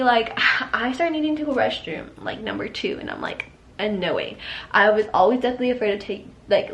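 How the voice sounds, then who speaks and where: A young woman vlogger rambling through a storytime, full of "like" and acted-out quotes. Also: a little high. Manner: rambling, lots of "like", acts out quoted lines. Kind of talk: casual storytime.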